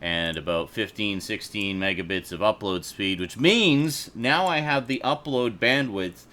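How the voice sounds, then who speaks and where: A man with a fairly low, sharp-toned voice hosts a casual livestream from home, speaking into a desk USB microphone at a measured pace. He rambles, laughs a lot, and swears offhandedly.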